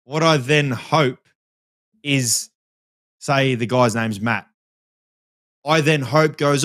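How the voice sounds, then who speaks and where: A man's voice: on the high side, moderate pace, no room sound. Chatty Australian man, very dry sound. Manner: chatty, animated storyteller, acts out dialogue. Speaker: podcast co-host and footballer. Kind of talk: casual chat.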